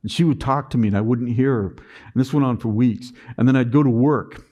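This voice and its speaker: A man's voice: medium pitch, a little fast, highs cut off. Man telling a business story on stage. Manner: animated storyteller acting out his own past self. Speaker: conference speaker. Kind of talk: personal business story told to an audience.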